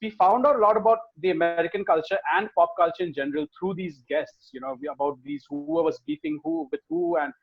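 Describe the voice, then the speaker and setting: A man co-hosting a podcast, reading viewer comments and telling stories in a casual, swearing, animated way. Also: fairly high pitch, fast, few pauses, highs cut off. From India. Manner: swears freely, animated storytelling. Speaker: podcast co-host.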